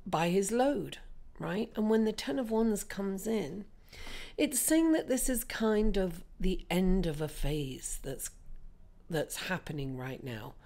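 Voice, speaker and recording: A woman with a raspy voice, hoarse from being ill, giving a chatty tarot reading and calling her listeners darling. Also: medium pitch, expressive, takes it slowly, dark tone. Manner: chatty, calls listeners darling and guys, many fillers. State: hoarse from illness. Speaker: tarot reader. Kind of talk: casual tarot reading monologue.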